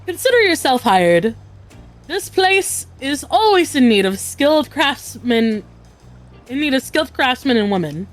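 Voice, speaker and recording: A woman reading as a brisk town official. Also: sits high, big pitch swings, soft background music. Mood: businesslike. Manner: read aloud slowly, no accent.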